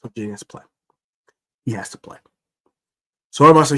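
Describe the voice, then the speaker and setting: A man hosting a fan sports show, ranting in a casual, slangy, animated way about his team. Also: mid-range voice, fast talker, long pauses. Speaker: sports podcast host. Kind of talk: casual fan commentary rant.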